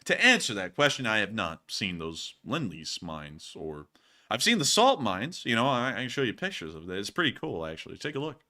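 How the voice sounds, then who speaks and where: A young man in his twenties hosting a casual live stream, joking and animated as he answers viewer questions. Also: lowish voice, brisk. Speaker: host.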